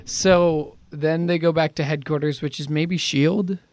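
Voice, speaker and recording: A man's voice: on the high side, fairly even intonation, measured pace, a little mellow. A man co-hosting a podcast, giving a wry, joking recap of a movie in casual chat. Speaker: podcast co-host.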